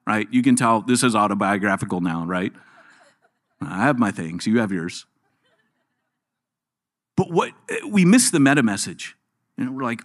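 A middle-aged male pastor delivering a sermon in a fairly high voice. His pitch leaps up and down as he preaches, sinking low and quiet for quoted lines. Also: sing-song, normal speed.

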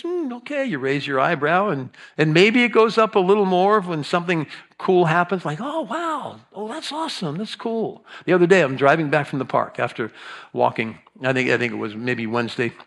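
Gravelly man preaching conversationally. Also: a little high, fairly bright tone. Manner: chatty storytelling with playful asides and audience prompts. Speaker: pastor. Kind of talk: conversational sermon.

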